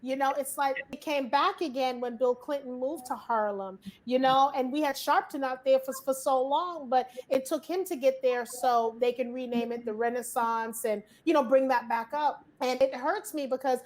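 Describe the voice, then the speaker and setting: A high-pitched woman talks casually as a host. She tells stories with energy and slips into acting out both sides of a conversation. Her speech is loose and colloquial. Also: normal speed, few pauses. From Brooklyn, New York. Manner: animated storytelling, acts out dialogue, colloquial. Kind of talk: casual discussion.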